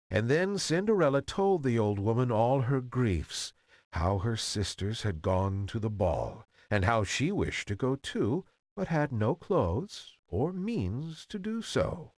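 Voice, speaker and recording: A man narrating an old fairy tale in an expressive, old-fashioned reading style. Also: medium pitch, slow, no room sound, studio quality. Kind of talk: storybook reading.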